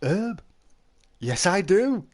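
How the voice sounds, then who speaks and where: Speaking extremely slowly, this middle-aged man has a high, darkish voice with big swings in pitch. On his live stream he chats casually and spins stories, addressing listeners as "mate."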